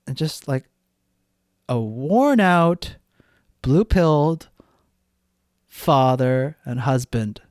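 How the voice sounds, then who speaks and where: A man's voice: high-pitched, no room sound, clean studio sound. Blunt, profane man hosting a solo podcast. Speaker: podcast host. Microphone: studio podcast mic.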